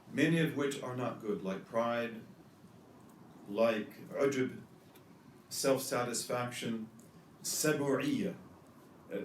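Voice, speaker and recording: A man's voice: mid-range voice, reverberant, recorded from a distance, a little hiss or hum. A man giving an earnest religious lecture, telling stories and weaving in Arabic terms. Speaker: Islamic lecturer.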